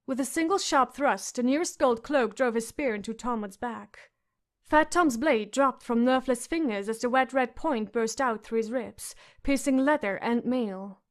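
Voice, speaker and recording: A woman's voice: fairly high pitch, moderate pace. A woman reading a fantasy audiobook with dramatic narration.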